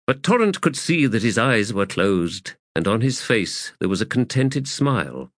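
A male audiobook narrator reading fantasy fiction slowly and deliberately. His pitch moves a lot as he reads, and the sound is close and dry. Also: no room sound. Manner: measured, expressive reading.

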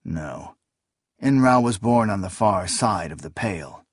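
A man's voice: on the low side, expressive, unhurried, breathy edge, no room sound, clean studio sound. A man voicing a loyal, stubborn male sorcerer who answers tensely and defensively. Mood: firm.

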